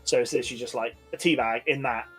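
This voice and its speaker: A man's voice: mid-range voice, fast talker, husky, soft background music. A man, co-hosting a podcast and telling a rambling story full of fillers. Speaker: podcast co-host. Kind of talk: casual chat.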